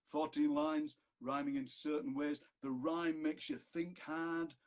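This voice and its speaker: A man's voice: fairly high pitch, level tone, unhurried. A man with a Yorkshire accent, a poet chatting and reading his sonnets aloud on a video call. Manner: chatty, jokey, reads verse aloud. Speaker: poet reading at an online fundraiser. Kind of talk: poetry reading with chat.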